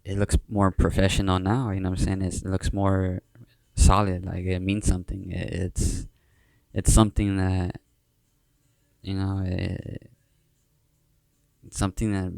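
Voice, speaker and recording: A man's voice: sits low, monotone, moderate pace, creaky, a little mellow, no room sound. A young man from Southern California hosting a podcast, chatting casually and rambling with lots of slang, fillers and restarts. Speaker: podcast host. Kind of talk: casual chat.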